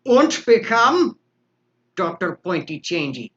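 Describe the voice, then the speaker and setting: A man voicing a pompous mock doctor who lectures with a pointing stick, in a put-on foreign accent with slow theatrical delivery, on a comic live stream. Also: sits high, very animated, fairly bright tone, muffled recording, full character voice. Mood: grandly lecturing. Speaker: host.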